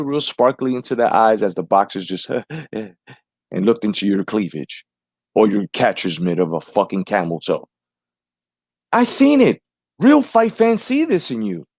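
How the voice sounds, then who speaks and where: A man's voice: fairly high pitch, no room sound, clean studio sound. A man in his forties hosting his own channel, delivering a profane, confrontational rant. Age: 40s. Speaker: YouTube channel host. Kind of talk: ranting monologue.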